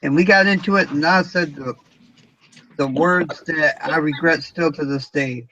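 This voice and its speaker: A man telling a personal story in a casual chat, in a plain, steady way with short pauses. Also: a little high, muffled recording. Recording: faint background noise.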